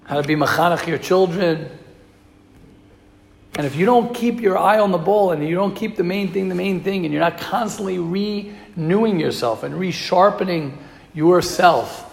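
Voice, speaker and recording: In an echoey hall, a man teaches a Torah class for young students in a high, creaky voice at a moderate pace. He repeats key phrases emphatically and sprinkles in Hebrew and Yiddish terms.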